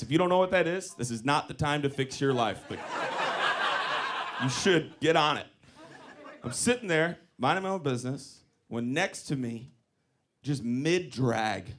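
A man doing live stand-up comedy on a club stage, telling an animated story with running callbacks. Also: a little high, background noise. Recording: live club recording with audience laughter.

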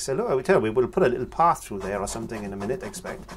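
A man, talking through a painting tutorial in a relaxed, chatty way as he works. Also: mid-range voice, racing, few pauses, slight background noise. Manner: relaxed, chatty, talks while working. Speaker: painting instructor.

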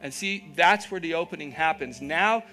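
A man's voice: a little high, normal speed, bright, forceful tone. Upbeat man teaching a yoga class. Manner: encouraging cues, checks in with "okay?"; playful, jokey asides. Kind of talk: live yoga class instruction. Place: large yoga class at a live event.

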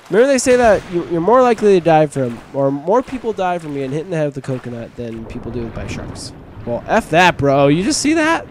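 A young man hosting a let's-play video, joking with viewers in bro slang and yelping loudly at every scare. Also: fairly high pitch, slight background noise. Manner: excitable, yelps and shrieks at scares. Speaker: gaming video host.

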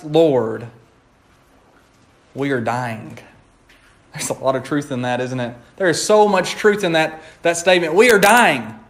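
A man preaching a conversational sermon in a church, playful and laughing often as he acts out quotes. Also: high voice.

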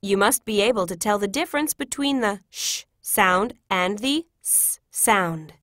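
A woman reading example classroom phrases in a clear, careful, instructive way. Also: medium pitch, animated, normal speed, a bit bright, dry recording, studio quality. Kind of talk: scripted reading of example sentences.

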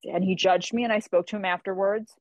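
A woman guesting on an interview show, telling stories in a lively, casual way and acting out the voices of people she quotes. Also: medium pitch, fairly quick, no room sound, muffled recording. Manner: animated storyteller who acts out quoted voices. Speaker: guest author.

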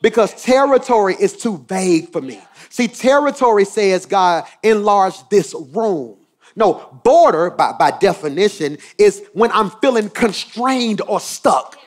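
A male pastor preaching a sermon, swinging from quiet asides to shouted emphasis and repeating phrases for effect. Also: sits high, lively intonation, unhurried.

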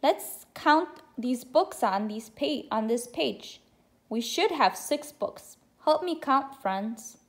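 A woman's voice: a little high, fairly bright tone. A woman teacher reading a picture book aloud to children, encouraging them to count along with her. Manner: encouraging, addresses listeners as friends.

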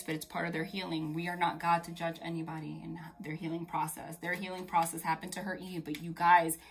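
A woman with a fairly low voice gives a casual tarot reading, chatty and emphatic. She talks straight to the listener and swears casually. Faint music plays behind her. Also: vocal fry, a bit bright. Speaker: tarot reader.

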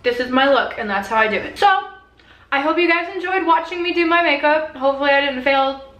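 A woman's voice: high voice, a little fast, a bit bright, roomy sound, lo-fi sound, soft background music. A young woman vlogging casually at home, chatty and self-deprecating about her makeup. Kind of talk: casual vlog chat. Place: home room.

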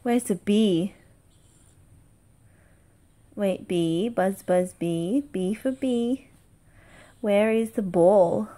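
Woman, mother at home with a toddler, very slow sing-song quizzing, mellow and a bit high. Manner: slow sing-song questions, praise and animal noises. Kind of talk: quizzing a toddler with flash cards.

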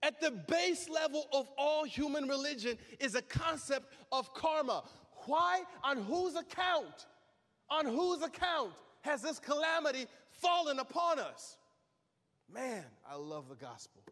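A pastor preaching a sermon, shouting with emphatic repetition. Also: male voice, very high-pitched, animated, measured pace. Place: large hall. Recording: reverberant hall.

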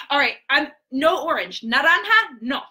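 A woman entertaining preschoolers on a home live stream, swooping all over a high, bright voice. She talks in a sing-song way, with gasps and quick asides. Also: sing-song. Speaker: children's entertainer host.

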